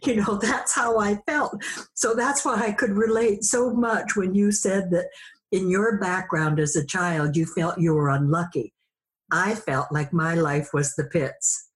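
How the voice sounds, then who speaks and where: A woman's voice: fairly low pitch, fairly even intonation, measured pace. A woman guest sharing a personal story in a conversation, reflective, acting out remembered dialogue.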